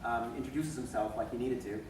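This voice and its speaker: A man, a voice actor on a convention panel, telling stories in an animated, laughing way. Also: mid-range voice, fast. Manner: animated, laughing, acting out quotes. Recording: echoey hall recorded from far off with room noise.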